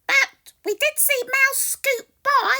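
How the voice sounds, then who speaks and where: A woman voicing a flock of loud, shrill birds in a storybook read-aloud. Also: slow, heavy background noise, exaggerated voice. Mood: squawking. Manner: shouted, shrill.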